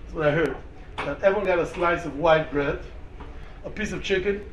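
A man's voice: a little high, moderate pace. Man, rabbi, Torah lecture, rhetorical questions, faint noise behind. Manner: animated, rhetorical questions, mixes in Hebrew and Yiddish terms. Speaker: rabbi teaching students. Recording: echoey room, faint background noise.

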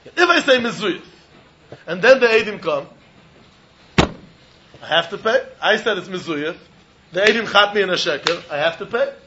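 A man teaching a Talmud study lecture in an animated, questioning way, mixing Yiddish phrases into his English. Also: sits high, dull audio, a little hiss or hum.

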